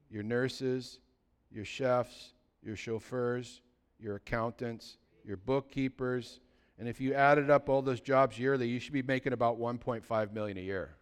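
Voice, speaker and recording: A man preaching a sermon as pastor, swinging between loud, excited bursts and quiet, low asides. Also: clear, resonant tone.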